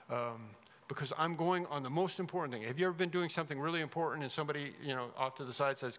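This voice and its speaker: A man preaching an expository sermon as pastor, emphatic, rising loud then dropping to a hush. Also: fairly high pitch, brisk. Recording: long reverb of a large hall.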